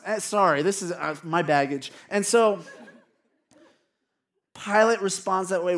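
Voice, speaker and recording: A man's voice: on the high side, a little slow, a bit bright. A male pastor giving a casual, candid sermon to his congregation, with frequent "like" and self-deprecating asides. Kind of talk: conversational sermon. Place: church congregation.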